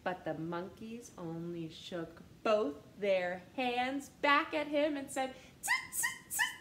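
Woman reading a storybook to kids, playful questions, very slow, high lively voice, roomy echo. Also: a little hiss or hum. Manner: playful, asks the listener questions. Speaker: storytime reader. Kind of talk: interactive picture-book read-aloud for children.

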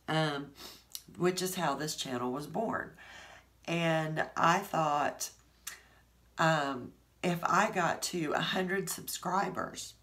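A woman, teary and halting, thanking her viewers from the heart. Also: low-pitched, a bit bright. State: teary, voice shaking with emotion. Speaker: art channel host.

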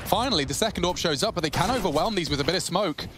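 Excitable male esports caster. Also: high voice, racing, music in the background. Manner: excitable, chatty, rising on big plays. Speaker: esports commentator. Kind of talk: live esports play-by-play. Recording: clear background clicking noise.

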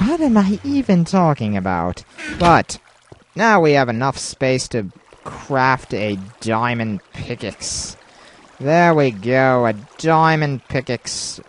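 A man giving rambling gameplay commentary, talking to himself with excitable outbursts. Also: mid-range voice, a little hiss or hum. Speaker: let's play host.

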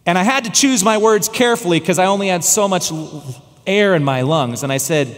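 A guest pastor with a high-pitched, fairly bright voice preaches from the pulpit, weaving a personal story with dramatic pauses. For the tense moments he slows down and drops low, and the long reverb of a church sanctuary surrounds his words.

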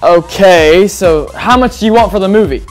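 A woman's voice: medium pitch, moderate pace, faint music behind, lightly acted. A woman playing a frantic adventurer host in a children's church skit, speaking in an exclamatory way.

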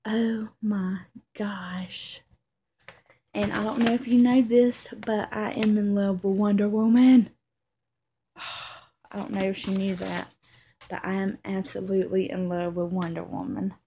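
A woman in a casual unboxing vlog, gushing and emotional, often dropping to a soft whisper, with many ums. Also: medium pitch, little pitch movement, normal speed, a little hiss or hum. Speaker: vlogger.

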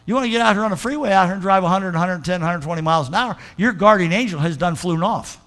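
Older preacher, emphatic swings. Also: male voice, high-pitched, fast talker, a bit bright. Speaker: pastor. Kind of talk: sermon.

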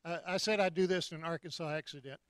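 A man's voice: a little high, fairly even intonation, quick pace, dry recording. Jovial preacher in his seventies. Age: 70s. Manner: jovial, joking, bursts of loud praise. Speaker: guest preacher. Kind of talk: sermon.

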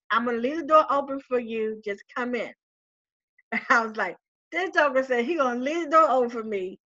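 A woman with a high, bright voice tells a personal story, full of laughter and voiced-out conversations. The sound is a bit muffled and lo-fi. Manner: animated, laughing often, acting out quoted voices.

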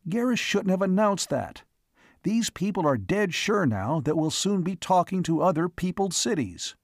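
A man's voice: a little high, lively intonation, normal speed, a little mellow, no room sound, clean studio sound. Keniston, a man reading as a worried scientist. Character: adult male scientist, worried and doubtful.

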